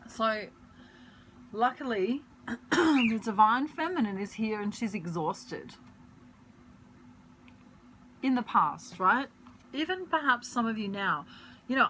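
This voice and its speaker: A woman giving a casual tarot reading at home, chatty and rambling, pausing to search for words and laughing often. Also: on the high side, big pitch swings, fairly bright tone, slight background noise, poor audio. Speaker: tarot reader. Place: at home, pet bird nearby.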